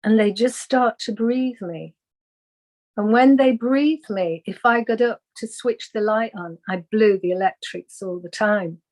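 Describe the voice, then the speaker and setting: A woman's voice: mid-range voice, unhurried, a little mellow. A woman, a guest on an interview show, earnestly telling a personal spiritual story and acting out the voices she quotes.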